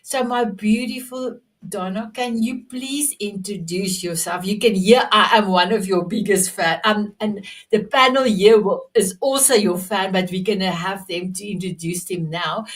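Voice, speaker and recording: A woman hosting a live online author show, talking effusively with halting restarts and repetitions. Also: mid-range voice, recorded from a distance. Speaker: host.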